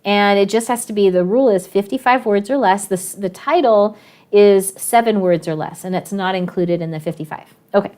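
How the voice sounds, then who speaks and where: A woman teacher telling a classroom story in a casual, lively way, often laughing and acting out the voices of her students. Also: mid-range voice, brisk.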